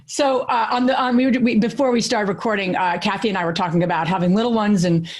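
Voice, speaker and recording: A woman's voice: mid-range voice, quick pace. Chatty woman podcast co-host. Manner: animated storytelling with many fillers and restarts. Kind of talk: casual podcast chat.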